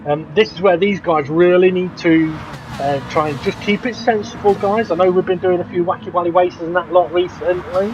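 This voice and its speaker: An excitable man calls a sim race, his voice sitting fairly high and leaping up whenever a car spins. The audio is dull and lo-fi with a clear layer of noise behind him. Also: a little fast. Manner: excitable, laughs often, rises sharply at incidents. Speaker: race commentator. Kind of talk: sim racing commentary.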